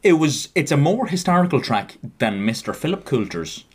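Jokey Irish lad with a lively voice. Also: male voice, fairly high pitch, moderate pace, breathy edge. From Ireland. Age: 20s. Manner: joking, keeps addressing listeners as lads. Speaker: podcast co-host. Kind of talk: casual chat.

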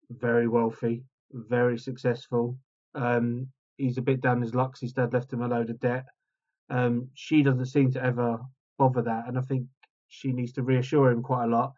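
A man's voice: mid-range voice, a little mellow. A man co-hosting a podcast, chatting about a film in an easygoing way with lots of "um" and "like". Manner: easygoing, filler-heavy. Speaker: podcast co-host. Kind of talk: casual film discussion. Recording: slightly dull lo-fi sound.

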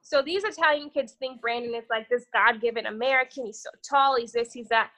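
A woman's voice: fairly high pitch, fairly quick, sharp tone. A young woman guesting on a podcast, telling a long dating story in a casual, rambling way, cursing freely and tossing in "whatever". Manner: profane, rambling, says "whatever" a lot.

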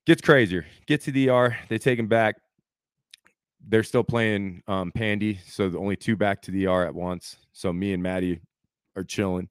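A man's voice: on the low side, normal speed, clean tone, no echo, studio quality. A man in his thirties, a podcast co-host, telling a story in casual chat and acting out the quotes, saying "dude" a lot.

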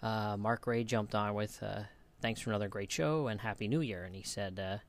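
A man's voice: fairly low pitch, normal speed. A man hosting a podcast, casually reading out listener emails with frequent ums and small chuckles. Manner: relaxed, chuckles often, frequent um and uh. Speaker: podcast host.

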